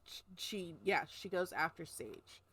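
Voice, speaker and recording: A woman's voice: lowish voice, lively intonation, measured pace, crowd noise. A woman co-hosting a book podcast, retelling a novel's plot in a rambling, casual way with lots of fillers. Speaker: podcast co-host. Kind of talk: casual book-club chat.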